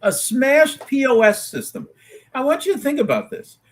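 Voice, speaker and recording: A man with a fairly high voice argues his side on a casual talk show. He gets emphatic and insistent, stumbling over repeated words as he presses his point. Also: very animated, moderate pace. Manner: emphatic, argumentative, stumbles and repeats when worked up. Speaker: co-host. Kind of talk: casual opinionated banter.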